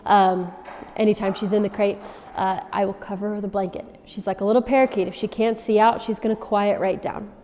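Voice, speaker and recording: A woman dog trainer giving instructions to dog owners, often checking in with a quick "okay?". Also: medium pitch, steady tone, mellow, slight background noise. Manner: coaching, checks in with frequent "okay?". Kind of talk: instructional demonstration. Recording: long reverb.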